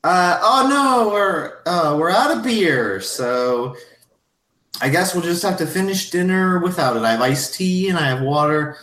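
Man doing a high flustered hostess. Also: expressive, a bit bright. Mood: apologetic. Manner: flustered, halting questions. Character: fussy, flustered woman hostess. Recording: roomy echo.

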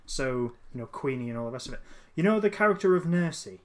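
A man's voice: mid-range voice, animated, fast. A man chatting casually as a podcast co-host, rambling with many restarts and fillers. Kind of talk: casual chat.

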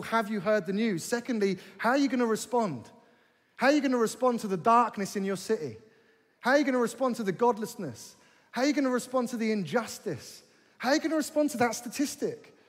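Impassioned high-voiced male preacher in a hall. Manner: impassioned, rising to forceful rhetorical questions; repeats phrases for emphasis. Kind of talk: sermon. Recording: long hall reverb.

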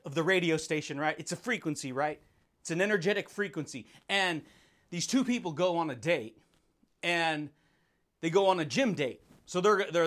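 A man hosting a motivational podcast, talking in an energetic, slangy way and putting on quick voices for the people he quotes. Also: fairly high pitch. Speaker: podcast host.

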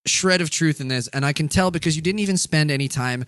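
A man's voice: a little high, fast, fairly bright tone, no echo, clean studio sound. A man co-hosting a comedy podcast, reading listener emails aloud in casual, swearing banter. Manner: puts on exaggerated old-man voices when reading; swears freely, laughs often.

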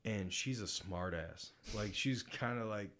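A man's voice: lowish voice, a little slow, fairly bright tone. A man from upstate New York, a Navy chief guest on a podcast, telling profane, joking stories in casual chat. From upstate New York, USA. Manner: profane, joking storyteller who acts out both sides of his anecdotes.

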